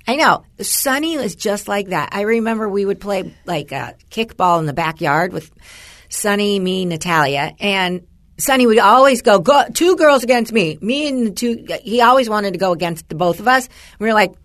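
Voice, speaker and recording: A middle-aged woman co-hosting a podcast, chatting casually, agreeing quickly and laughing often. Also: mid-range voice, a bit bright. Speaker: podcast co-host. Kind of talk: casual chat.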